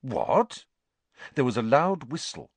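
A man reading an audiobook aloud, narrating in an expressive storytelling manner. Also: fairly low pitch, moderate pace, dry recording.

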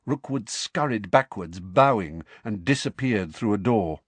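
A man reads a story aloud with a lively, expressive rise and fall, steady and measured. The sound is dry and close, with no room around it. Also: on the low side, breathy edge, no room sound. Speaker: audiobook narrator. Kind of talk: storybook narration.

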